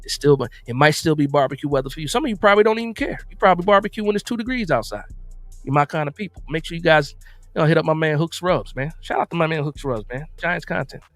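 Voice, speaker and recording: Man from new jersey, stream host, fairly high voice, dry close sound, faint music behind, loose repetitive chat. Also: animated, fast talker, no echo. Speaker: live-stream sports show host. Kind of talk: casual live-stream football chat.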